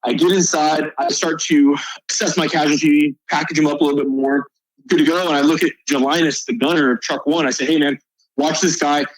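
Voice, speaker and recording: A man's voice: on the high side, steady tone, a little fast, no echo, low-quality recording. Army guy on a podcast, swears a lot telling war stories, dry close sound. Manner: vivid, profane combat storytelling. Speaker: podcast guest, army soldier and author. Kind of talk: casual storytelling in a podcast interview.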